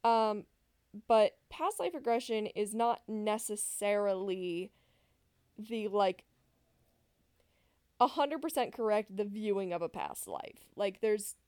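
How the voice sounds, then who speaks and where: A woman's voice: mid-range voice, animated, takes it slowly, long pauses, a little mellow, smooth, no room sound. Chatty woman podcast host, dry sound. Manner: chatty, rambling, with frequent fillers and self-corrections. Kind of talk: casual podcast chat.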